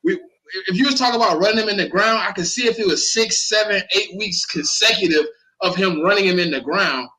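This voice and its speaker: A man breaks down football in casual sports talk. His voice is bright and forceful and sits a little high. He is animated and profane, and he doubles back on his words when he gets going. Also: fairly quick, poor audio. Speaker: co-host.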